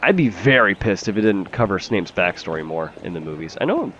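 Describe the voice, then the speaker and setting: A man's voice: sits low, sing-song, fairly quick, fairly bright tone, dull audio, slight background noise. A man giving casual, chatty gameplay commentary as a let's play host, swearing freely and laughing easily.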